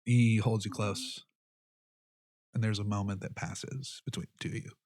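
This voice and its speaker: A man narrating a tabletop game as game master, relaxed and descriptive. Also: fairly low pitch, moderate pace, no room sound, clean studio sound.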